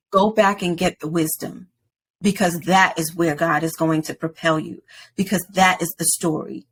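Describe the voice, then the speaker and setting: A woman in her forties, a podcast guest, telling a personal story in an animated way. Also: fairly low pitch, gravelly, slight background noise. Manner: animated storyteller, acts out quoted voices.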